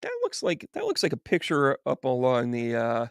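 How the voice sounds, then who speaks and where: A psychic medium with a gravelly, mid-range voice reads tarot on a live stream at a moderate pace. He laughs often and chats with viewers by name in an animated, chummy manner, and the sound is dry and close.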